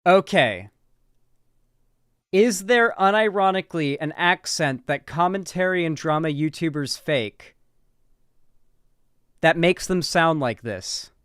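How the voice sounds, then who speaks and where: A man's voice: a little high, expressive, slow, pauses often, fairly bright tone, clean tone, dry recording, clean studio sound. Sarcastic man ranting commentary. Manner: sarcastic, rambling, swears. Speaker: political commentary streamer. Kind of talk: casual commentary.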